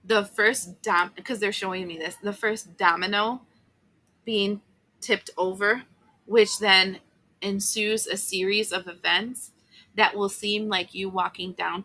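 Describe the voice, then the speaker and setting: Bright-voiced woman giving a chatty tarot reading. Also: mid-range voice, fairly even intonation, takes it slowly, poor audio. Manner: chatty, emotional, many fillers and asides. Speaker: tarot reader.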